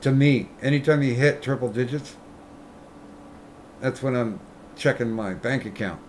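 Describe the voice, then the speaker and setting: A man's voice: mid-range voice, unhurried, slight background noise. A man streaming, chatting casually in a rambling, profane way. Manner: rambling, profane, laughing at own jokes. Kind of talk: casual chat.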